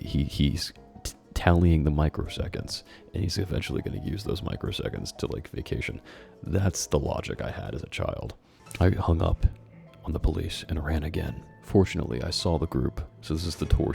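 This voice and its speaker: A man reads his childhood horror story dramatically, then pokes fun at it with sarcastic, amused remarks. His voice is extremely low and darkish with vocal fry, delivered at normal speed, and faint music plays behind him.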